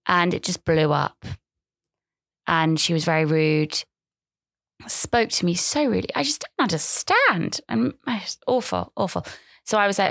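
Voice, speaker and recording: A woman's voice: on the low side, animated, a little slow, vocal fry, fairly bright tone, dry recording, clean studio sound. A woman in her thirties hosting a podcast, talking in a rambling, chatty, self-deprecating way. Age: 30s. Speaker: podcast host. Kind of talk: casual monologue.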